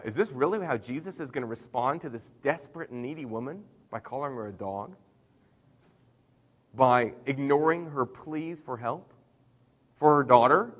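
A middle-aged man preaching a sermon in a conversational way, with emphatic swings in loudness. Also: on the high side, long reverb tail. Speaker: pastor.

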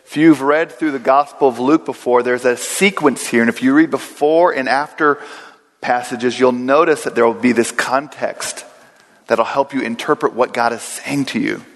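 Male preacher, mid-range voice, earnest sermon delivery in a church with a long hall echo. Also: medium pitch. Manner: earnest preaching, slows down and repeats key phrases. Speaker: pastor. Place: church sanctuary.

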